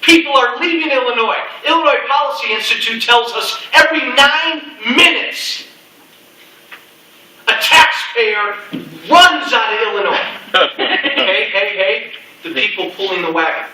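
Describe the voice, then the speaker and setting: A man's voice: very high voice, unhurried, bright, forceful tone. A middle-aged man giving a punchy campaign speech to a crowd, repeating slogans with folksy asides. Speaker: political speaker. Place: meeting room with an audience. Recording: echoey room, mic from a distance.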